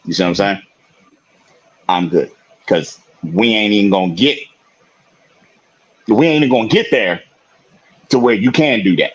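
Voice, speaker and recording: A man's voice: fairly low pitch, moderate pace, pauses often, slightly rough, lo-fi sound. A man co-hosting a podcast, telling a story in casual chat, laughing often and swearing freely. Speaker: podcast co-host.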